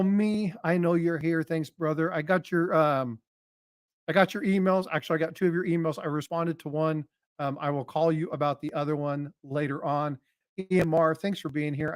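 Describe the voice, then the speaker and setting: A man's voice: on the high side, clean tone, no room sound, clean studio sound. A man hosting a casual livestream chat, greeting viewers by name in a folksy, joking way. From North Carolina. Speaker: livestream host.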